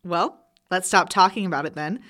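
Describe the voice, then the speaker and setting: A woman acting an exasperated, brisk frat sponsor in a college audio drama. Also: on the low side, a bit bright, natural voice. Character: harried female frat sponsor Mrs. Coleman.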